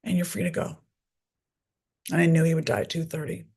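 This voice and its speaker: A woman's voice: low-pitched, flat delivery, brisk, creaky, a little mellow, slightly rough. A middle-aged woman, a guest author, telling her story candidly and bluntly, with frequent swearing. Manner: blunt and profane, speaks openly. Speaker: guest author and recovery advocate.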